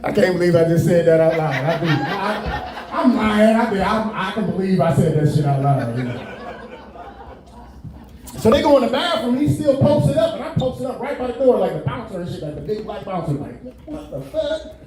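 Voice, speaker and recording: A man with a high-pitched voice spins profane, laugh-filled stories as a casual podcast host. He sits well back from the mic in a very echoey room. A crowd murmurs behind him. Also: big pitch swings, normal speed, far from the mic. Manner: profane, laughing, loose storyteller. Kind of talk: casual comedic storytelling.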